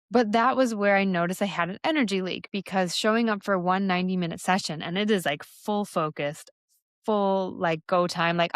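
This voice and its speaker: Woman, solo podcast host, lowish voice, dry close sound, chatty and candid, plenty of likes and you-knows. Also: dry recording. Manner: candid, conversational, with frequent fillers. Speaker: podcast host and somatic embodiment coach. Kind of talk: reflective solo podcast monologue.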